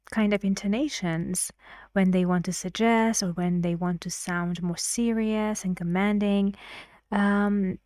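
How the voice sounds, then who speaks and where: A woman's voice: on the low side, darkish tone, no room sound, studio quality. A woman teaching an English intonation lesson, explaining clips and repeating phrases to model how they rise and fall.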